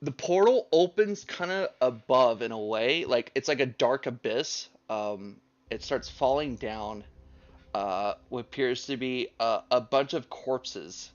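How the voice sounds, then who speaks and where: A man's voice: mid-range voice, unhurried, highs cut off. A man running a tabletop game online, loose and swearing, with many fillers. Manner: loose, swearing, laughs easily, hesitant fillers. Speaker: game master. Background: fan running.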